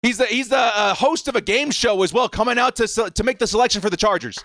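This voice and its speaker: A man hosting a live-stream watch party, over-excited, shouting and repeating himself, breathless and shaking with excitement. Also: sits high, fast talker, dry recording, studio quality.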